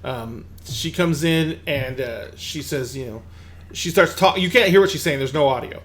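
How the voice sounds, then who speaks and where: A man's voice: a little high, normal speed, a bit bright. A man narrating a tabletop game as game master, rambling with fillers and restarts.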